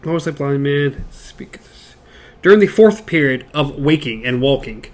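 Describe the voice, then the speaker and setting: A man co-hosting a casual book discussion podcast, reading passages aloud haltingly with stumbles and side comments. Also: a little high, expressive, darkish tone. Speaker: podcast co-host.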